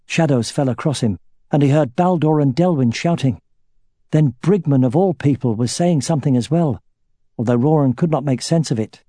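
A man narrates a fantasy novel in a measured, expressive way. His voice is mellow and warm. The recording is dry and close. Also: mid-range voice, no echo. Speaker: audiobook narrator. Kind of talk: scripted narration.

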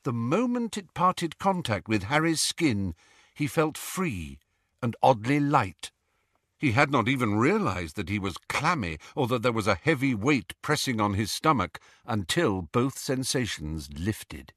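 A man narrates a novel for an audiobook, giving scripted, measured, expressive storytelling in a mid-range voice. The sound is studio quality and free of echo.

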